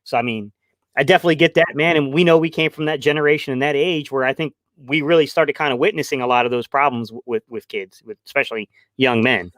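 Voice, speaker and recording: A man's voice: medium pitch, steady tone, fast, a bit bright, no room sound. A man hosting a casual sports talk show, laid-back, speaking straight to his listeners. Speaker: podcast host.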